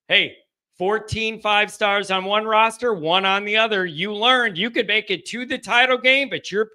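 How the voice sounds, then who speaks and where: A man hosting a live call-in fan show, talking in a subdued, halting way with frequent restarts as he reads out donations. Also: sits high, bright, forceful tone, clear, resonant tone. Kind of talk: casual live-stream chat, reading donations.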